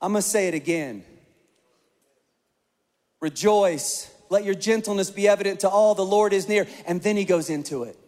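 A man preaching a sermon as pastor, passionate and building to loud repeated calls. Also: high-pitched, quick pace, few pauses. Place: large church hall. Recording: long hall reverb.

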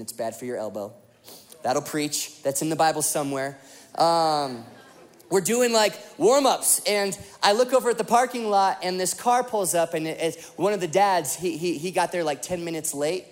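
Young male pastor, high voice, lively rambling storyteller delivering a sermon. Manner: animated storytelling with many fillers.

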